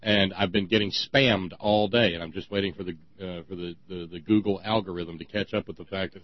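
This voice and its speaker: A man co-hosting a talk show, talking in a sarcastic, ranting way with many halting restarts. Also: low voice, steady tone, no echo, highs cut off. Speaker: podcast co-host. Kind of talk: casual opinion talk.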